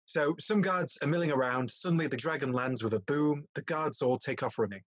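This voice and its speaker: Guy reading stage directions, trips over words, husky, dry sound. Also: a little high, a little fast, no room sound, poor audio. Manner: stumbling, laughing read. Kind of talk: casual chat and reading aloud.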